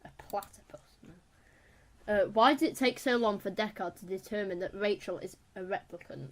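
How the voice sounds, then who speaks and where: A woman co-hosting a podcast, chatting casually and reading out quiz questions in a brisk way. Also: mid-range voice. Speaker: podcast co-host and quiz reader.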